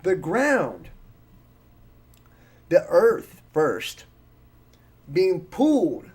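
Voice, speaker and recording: A man's voice: high voice, wildly swooping pitch, a little mellow, breathy edge. A man commenting on viral videos with dramatic, mocking conspiracy talk about an approaching planet. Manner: dramatic, mocking, slow and emphatic. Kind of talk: conspiracy commentary over clips.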